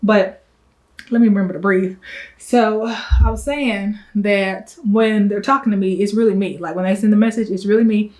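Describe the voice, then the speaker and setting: A young woman who runs a travel agency, chatting fast and a little breathless to camera in a casual vlog, full of fillers and asides. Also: mid-range voice, steady tone, a little mellow, rough recording. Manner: fast, rambling, breathless talk. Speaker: travel agent business owner.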